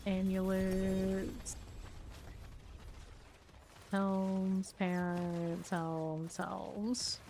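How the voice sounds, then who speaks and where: Gravelly-voiced woman streaming a game. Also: mid-range voice, flat delivery, extremely slow, long pauses, warm tone, a little hiss or hum. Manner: chatty, thinks aloud while sorting loot. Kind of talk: casual gameplay commentary.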